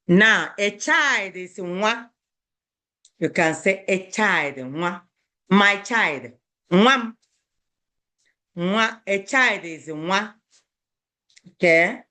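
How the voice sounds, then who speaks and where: A woman's voice: on the low side, bright, forceful tone. A woman teaching a beginner language lesson, repeating each word and checking in with "okay?".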